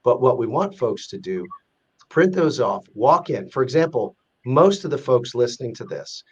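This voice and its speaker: A man, a guest being interviewed, explaining his points in an earnest, measured way with frequent restarts. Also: mid-range voice, big pitch swings, breathy edge, highs cut off. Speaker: guest, president of an advocacy group. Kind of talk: podcast interview.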